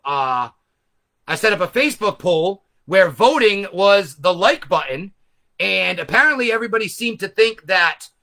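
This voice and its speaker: A man's voice: high voice, sharp tone. A man hosting a video, retelling a movie in a casual, rambling, profane way with frequent self-corrections. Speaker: host.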